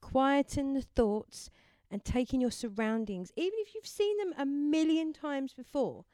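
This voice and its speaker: A woman giving a gentle, encouraging mindfulness talk and leading listeners through affirmations. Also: high-pitched, very animated, normal speed, no echo. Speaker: self-help speaker.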